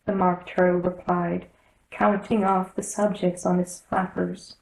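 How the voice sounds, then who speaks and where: A woman reading a classic children's novel aloud as a storyteller, in measured narration. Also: on the low side, little pitch movement, a little mellow, echoey room, poor audio.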